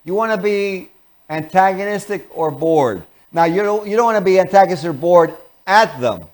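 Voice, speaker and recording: Male host, earnest motivational teacher, lively delivery, pitched slightly high. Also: moderate pace. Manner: earnest, animated teaching with acted-out examples. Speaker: host and lecturer. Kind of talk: motivational lecture.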